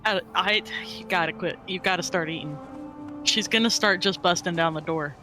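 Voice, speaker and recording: A woman's voice: fairly low pitch, normal speed, sharp tone, faint music behind. A woman player in a tabletop role-playing game, chatting playfully and describing what her character does. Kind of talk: casual tabletop play.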